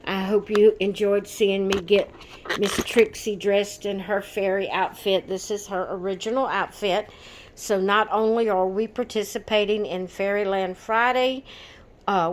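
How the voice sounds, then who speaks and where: Slow-talking rambling woman vlogger. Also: mid-range voice. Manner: rambling, repeats herself, talks to viewers as guys. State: shaken, near tears. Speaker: doll collector vlogger. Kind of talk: casual chat to camera.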